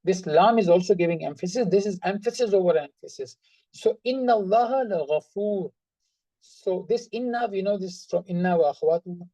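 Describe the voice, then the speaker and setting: A grammar teacher explains a lesson patiently, going over each example again and again. The voice is mellow and dark, with emphasis carried by tone. The recording is close and dry, with no room sound. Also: medium pitch, fairly quick, hardly any pauses, dry recording, highs cut off. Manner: patient, repeats examples and stresses words by tone. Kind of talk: online class explanation.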